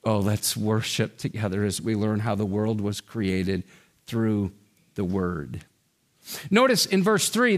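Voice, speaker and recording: Male pastor, sermon delivery, deliberate and emphatic, pitch rising and falling. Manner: slow emphatic preaching with wide swings in pitch.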